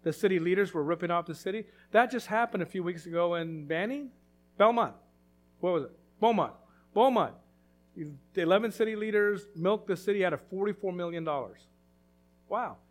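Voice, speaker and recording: A man's voice: high-pitched, normal speed. A man preaching a sermon as pastor, emphatic and repetitive, full of rhetorical questions.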